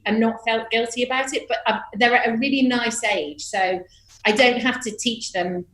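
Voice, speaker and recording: Woman, celebrity radio guest; high-ish pitch, joking chatty delivery, roomy echo. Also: moderate pace. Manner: lively, chatty storyteller who jokes. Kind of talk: casual radio chat. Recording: echoey roomy sound.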